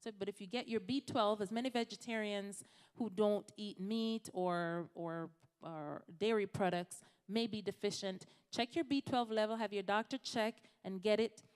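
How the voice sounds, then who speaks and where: A woman's voice: mid-range voice, moderate pace, clear, resonant tone, big-room sound. A woman from Jamaica, a physician giving a conversational health talk to a church congregation, addressing the audience directly. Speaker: physician speaker.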